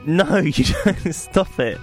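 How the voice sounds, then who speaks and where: A man's voice: high voice, animated, slow, soft background music. A man co-hosting a comic radio show, dry and pedantic in his corrections. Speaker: radio co-host. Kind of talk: comic talk radio banter.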